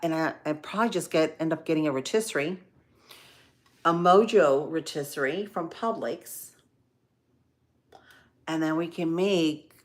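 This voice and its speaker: Tired mom-ish woman rambling to her stream chat, low voice, lots of ums and y'all. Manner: chatty, folksy, says y'all, trails off with ums. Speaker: vlog host chatting with live viewers. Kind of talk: casual live-stream chat while cooking.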